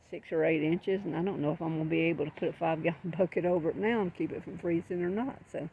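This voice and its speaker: A woman's voice: fairly low pitch, creaky, a little mellow, a little hiss or hum, poor audio. An older woman with a Southern US accent, talking casually in a folksy, rambling way while filming her backyard garden. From Southern United States. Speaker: garden vlogger.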